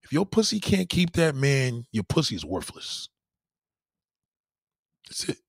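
A man hosting a podcast, telling crude stories in an animated, profane monologue. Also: medium pitch, unhurried, gravelly, breathy edge, dry recording, studio quality. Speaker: podcast host. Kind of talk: casual comedic monologue.

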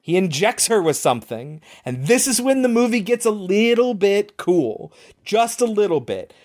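A podcast co-host giving a casual, animated recap of a horror film's plot, swearing now and then. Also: mid-range voice, normal speed. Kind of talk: casual movie recap chat.

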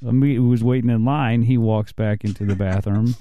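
A man's voice: medium pitch, expressive, normal speed, warm tone. A man telling a long crude story in casual chat, rambling, swearing and laughing often as he goes.

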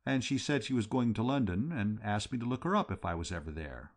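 A man voicing a timid, lovesick young English gentleman who speaks in a flat, hesitant way. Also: lowish voice, brisk.

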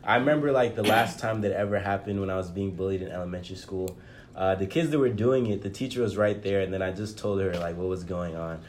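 A man's voice: deep voice, fast, a little hiss or hum. A young man from Nigeria, a podcast guest, earnestly telling his story in casual chat.

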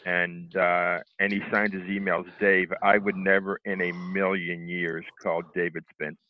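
A middle-aged man telling how he recovered from a stroke, halting, with lots of restarts and fillers. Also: deep voice, level tone, a little hiss or hum. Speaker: stroke survivor interviewee. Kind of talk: telling his own recovery story. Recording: tinny phone line, dry.

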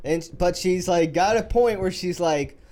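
A man's voice: high-pitched, unhurried, a little mellow. A man co-hosting a casual movie podcast, speaking profanely and standing by his own opinion. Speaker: podcast co-host. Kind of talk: casual movie review chat.

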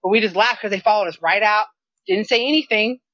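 Animated, profane woman telling a story. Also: mid-range voice, quick pace, dry recording. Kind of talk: casual storytelling chat. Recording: dry, slightly dull lo-fi sound.

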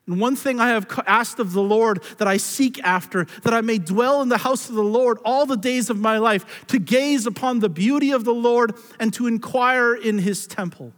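Male pastor, high voice, sermon in a church with long hall echo, earnest scripture reading. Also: moderate pace, few pauses, fairly bright tone. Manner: earnest preaching, reads scripture aloud, rises and falls in pitch.

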